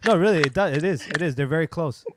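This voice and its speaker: A chatty, jokey man hosting a casual stream chat. His mid-pitched voice comes through with clear background noise on the line. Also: fast talker. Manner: chatty, jokey, apologetic about swearing. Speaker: stream host. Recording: noisy stream audio.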